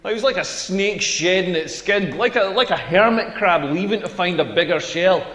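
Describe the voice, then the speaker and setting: Speaking at a moderate pace, this young Scottish man has a high, fairly bright voice as he plays a crude comedian rambling through stories in a stand-up set. He's bombing on a hall's comedy stage, captured in an echoey recording.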